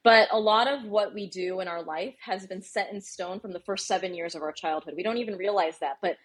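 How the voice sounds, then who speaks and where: A woman's voice: mid-range voice, brisk, breathy edge. A woman pediatrician and parenting coach, a guest in an interview, explaining eagerly and often checking in with "right?" and "you know.". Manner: animated, explanatory, uses many fillers like "you know" and "right?". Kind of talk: interview conversation.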